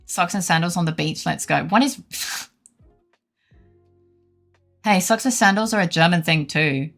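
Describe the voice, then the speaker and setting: A young woman with a low, gravelly voice chats loosely with her stream viewers, laughing and swearing as she goes. She sounds a bit feverish and worn, with faint music playing underneath. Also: measured pace, a bit bright. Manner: laughs often, swears casually. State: feverish, unwell. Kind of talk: casual chat with stream viewers.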